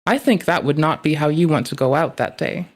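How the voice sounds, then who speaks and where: A woman's voice: deep voice, a little fast. Profane sarcastic woman streamer. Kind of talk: casual reaction commentary.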